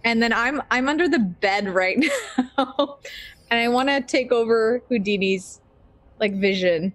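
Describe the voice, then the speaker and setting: A woman's voice: fairly high pitch, animated, measured pace, a bit bright, no room sound. Tentative woman player, dry close sound. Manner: tentative, questioning. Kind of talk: casual tabletop play.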